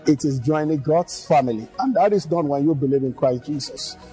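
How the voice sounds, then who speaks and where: A man closing a church broadcast with a calm, inviting altar call. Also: on the high side, brisk, faint music behind. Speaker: broadcast minister.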